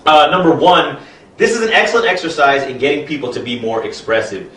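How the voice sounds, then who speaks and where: A man explaining an improv exercise as a trainer, lively and expressive in his delivery. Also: a little high, brisk, roomy sound, distant mic, rough recording. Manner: animated, speaks in expressive gibberish while performing.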